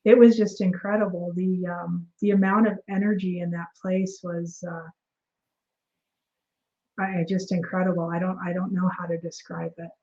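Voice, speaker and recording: A woman with a warm, mellow voice tells her story as a guest in a casual interview. She talks in an animated way, acts out what other people said, and fills her sentences with ums and restarts. The audio is a little dull and muffled. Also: fairly low pitch, normal speed. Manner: animated, acts out quoted dialogue, frequent fillers and restarts.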